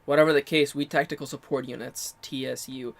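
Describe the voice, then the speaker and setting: Guy doing a stiff robot pod voice, clipped and formal, medium pitch, mostly flat. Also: brisk, gravelly, natural voice. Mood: deadpan robotic. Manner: flat clipped machine-like diction. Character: formal robotic support pod, male, calm.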